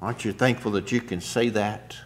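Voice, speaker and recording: A man preaching a sermon, unhurried, often clearing his throat, building to emphatic peaks and then dropping soft. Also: fairly low pitch, fairly even intonation, slight background noise. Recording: long hall reverb.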